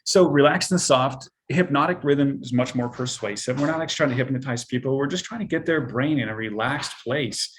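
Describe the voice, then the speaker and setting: A man presenting a persuasion training session, speaking softly and in a relaxed way on purpose, with many exploratory questions. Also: mid-range voice, slight background noise. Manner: deliberately soft-spoken and relaxed. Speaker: sales and communication trainer.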